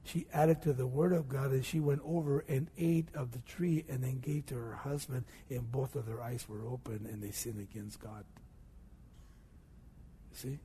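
A male preacher giving a sermon, swinging from hushed low passages to loud emphatic peaks and asking and answering his own questions. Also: steady tone, moderate pace, a little hiss or hum. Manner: asks and answers rhetorical questions. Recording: long hall reverb.

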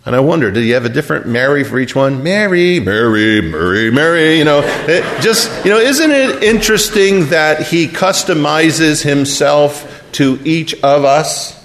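A man preaching a sermon and retelling a scripture story, dropping to a hush and then rising to emphatic peaks. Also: a little high, normal speed, hardly any pauses, a little hiss or hum. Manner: storytelling, wide swings from hushed to emphatic.

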